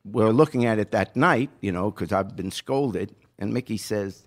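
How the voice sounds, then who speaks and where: A man's voice: on the low side, normal speed, few pauses. An older man, a podcast host, telling a family story in casual chat and acting out the quotes. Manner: animated storyteller, acts out quotes.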